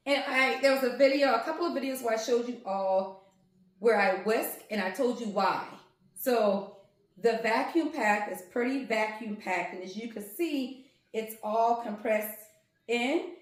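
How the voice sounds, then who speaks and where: Speaking a little slowly in a slightly high voice, a crafting vlogger unpacks yarn at home and gushes over each skein. The casual unboxing vlog is recorded in a very echoey room.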